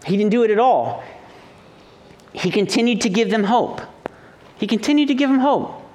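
A pastor with a notably high-pitched voice preaches in a loose, conversational way. He tells family stories with playful humor and mimics the people in them before turning to the scripture point. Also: normal speed. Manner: animated, jokey, acts out the people in his stories. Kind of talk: conversational sermon with storytelling.

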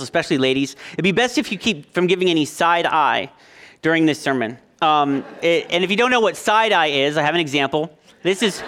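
Male youth leader, 30s, high voice; humorous sermon, self-deprecating, filler-heavy delivery. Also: a bit bright. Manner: self-deprecating joking, full of ums and likes.

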